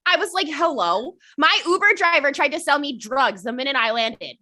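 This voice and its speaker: A woman's voice: high voice, animated, measured pace, bright, forceful tone. A young woman co-hosting a podcast in casual chat, talkative, cursing often and laughing a lot. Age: young adult. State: hiccups. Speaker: podcast co-host.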